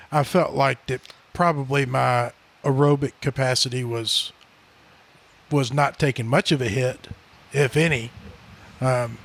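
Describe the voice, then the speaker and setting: A man co-hosting a podcast in casual chat, telling stories and acting out the quotes with sudden jumps in pitch. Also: creaky. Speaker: podcast co-host. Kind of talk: casual chat, animated storytelling.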